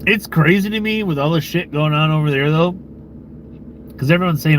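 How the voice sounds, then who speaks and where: A man's voice: fairly high pitch, a little fast, a little hiss or hum. Laid-back rambling American man. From United States. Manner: rambling and relaxed, with frequent fillers, swearing and chuckles. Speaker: YouTube channel host talking with live-stream viewers. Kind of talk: casual live-stream chat.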